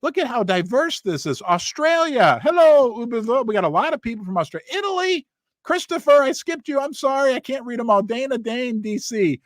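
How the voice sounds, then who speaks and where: A middle-aged man with a fairly high voice hosts a livestream in a casual chat. His pitch swings widely as he reads out viewers' names and places in quick, animated bursts. The sound is close and dry. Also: dry recording. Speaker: livestream host.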